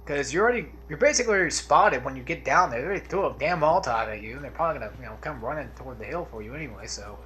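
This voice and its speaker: Rambling man with a bright voice. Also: medium pitch, expressive, very fast, hardly any pauses, a little hiss or hum. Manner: rambling, drifts off on tangents; laid-back, trails off into mumbles. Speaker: let's play commentator. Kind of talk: casual gameplay commentary.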